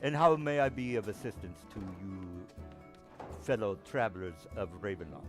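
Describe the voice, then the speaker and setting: A man voicing a suave, regal male vampire lord with a put-on accent, speaking slowly and grandly. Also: on the low side, faint music behind, voice pushed down, lightly acted. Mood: courtly. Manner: puts on an accent, slow and mannered.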